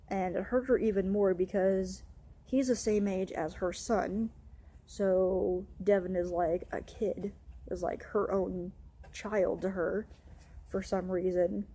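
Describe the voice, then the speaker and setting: A young woman vents in a storytime vlog, her words tumbling out in long, upset run-on sentences laced with swearing. Her voice is mellow and dark, with a breathy, husky edge. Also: mid-range voice. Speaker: vlogger.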